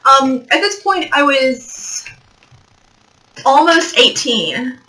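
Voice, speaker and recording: Bright-voiced young woman, rambling vlog. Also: high voice, lively intonation, drawn-out words, poor audio. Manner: rambling, joking, swears, laughs often. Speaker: vlogger. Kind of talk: casual storytelling vlog. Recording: built-in mic, mic not plugged in.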